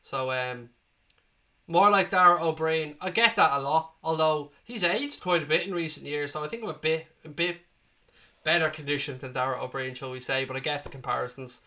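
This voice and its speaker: A man's voice: fairly high pitch, normal speed, bright, forceful tone. A man in his twenties hosting a live football watchalong, reading viewer comments aloud with blunt, sweary banter. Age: 20s.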